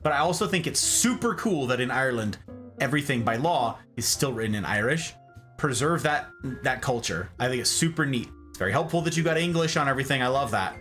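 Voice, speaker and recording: A man's voice: mid-range voice, expressive, a little fast, a bit bright, faint music behind. A man hosting a live stream in casual chat, reading out viewers' messages and answering them.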